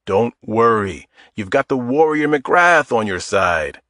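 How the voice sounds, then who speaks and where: A man's voice: mid-range voice, expressive, slow pace, fairly bright tone, no room sound, studio quality. Man doing a wisecracking middle-aged guy. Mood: earnest. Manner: wisecracking, easygoing. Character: mid-forties man, joking, sore, affectionate. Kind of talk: audiobook character voice.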